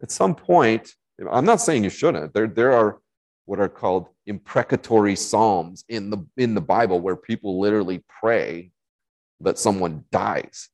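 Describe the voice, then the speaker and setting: A man with a slightly low voice preaching a sermon in a loose, conversational way. He rambles, restarts his sentences and fills them with casual asides. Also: animated, measured pace, low-quality recording. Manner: casual, rambling, with frequent fillers and self-corrections. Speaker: Bible college teacher preaching.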